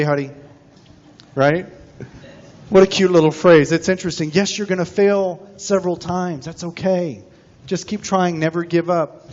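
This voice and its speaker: A man preaching a sermon as senior minister in a chapel, folksy and animated as he tells stories. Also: on the high side. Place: chapel sanctuary. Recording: dull recording, long hall reverb.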